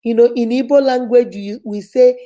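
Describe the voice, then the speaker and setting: A female life coach teaches to camera in a preachy, emphatic style, repeating herself and addressing her audience directly. Her voice is mellow and a little high, with fairly even intonation at normal speed.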